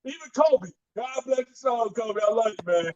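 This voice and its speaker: A man hosting a casual, profane sports chat, mocking players with quick impressions and laughing a lot. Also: extremely high pitch, expressive, warm tone, no echo, highs cut off. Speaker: podcast host.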